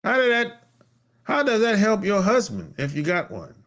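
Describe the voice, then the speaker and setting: A man holds forth on his podcast in a casual monologue. He talks bluntly and emphatically, with a lot of swearing. His voice sits a little high and swings widely in pitch. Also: very animated, moderate pace, fairly bright tone. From North America. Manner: blunt, profane and emphatic, with sudden pitch jumps. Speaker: podcast host.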